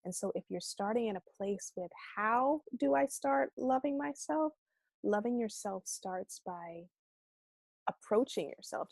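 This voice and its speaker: A woman coaching a self-love class in a casual, animated way. She swears lightly and acts out quoted voices. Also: medium pitch, gravelly, dry recording. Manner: casual speech with mild swearing. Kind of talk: casual conversational teaching.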